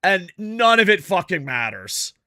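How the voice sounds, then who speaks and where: A man streaming a video game, chatting casually with viewers in a profane, rambling, animated way. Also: high-pitched, measured pace, smooth, dry recording, studio quality. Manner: chats with viewers while playing. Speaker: gaming streamer. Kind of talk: casual live-stream chat over gameplay.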